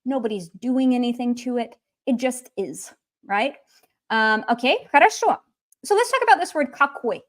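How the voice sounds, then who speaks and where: A woman with a somewhat high voice gives a casual, joking livestream lesson in Russian grammar. She is lighthearted and animated, and she is an English speaker who slips easily into Russian. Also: moderate pace. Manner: switches between English and Russian. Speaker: Russian teacher.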